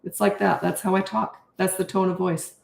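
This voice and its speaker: A woman's voice: fairly low pitch, flat delivery, normal speed, gravelly, echoey room. An older woman coaching parents, answering viewer questions in a blunt, emphatic way and repeating her key points.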